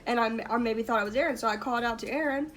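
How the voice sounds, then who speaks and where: A woman's voice: a little high, racing, slight background noise. A young woman hosting a vlog, casually telling a spooky story with lots of "like" fillers and giggles. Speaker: vlog host.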